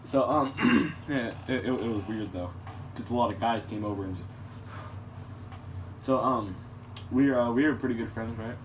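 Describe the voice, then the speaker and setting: A man's voice: medium pitch, normal speed, pauses often. A man telling a casual story in a rambling, crude way, with many restarts. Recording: distant mic with clear background noise.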